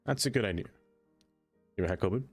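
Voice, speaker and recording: A man with a fairly low voice chats his way through a live game stream, talking to the game and answering his chat. He is quick to break into dismayed exclamations, and soft music plays behind him. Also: lively intonation. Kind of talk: casual live-stream chatter while playing.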